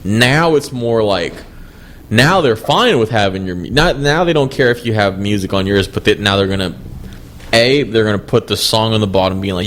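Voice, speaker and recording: A man's voice: on the low side, expressive, normal speed, a bit bright, slight background noise. A young man co-hosting a podcast, rambling and swearing in casual chat. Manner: rambling, profane, many restarts. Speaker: podcast co-host.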